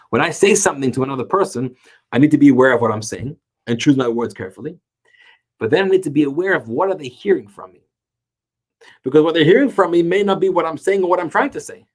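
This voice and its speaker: A man teaching a Talmud class, telling the story with animated emphasis and slowing down to stretch key words. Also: a little high, slightly rough. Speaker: Torah teacher.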